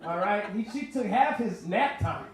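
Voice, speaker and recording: A man in his twenties tells stand-up stories in a record store, keeping the crowd with him as he goes. His voice sits high and swings up and down a lot. The room around him is very echoey. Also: expressive, moderate pace, noisy background. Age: 20s. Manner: conversational, asks the crowd to follow along. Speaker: stand-up comedian. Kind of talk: stand-up comedy set. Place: record store performance space.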